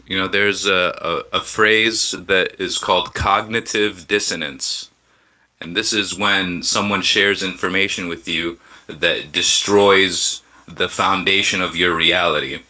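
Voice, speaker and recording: A man speaking as a guest on a live show, giving measured, reflective answers with frequent pauses and restarts. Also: low-pitched, sharp tone, low-quality recording. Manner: hesitant, with frequent ums and restarts.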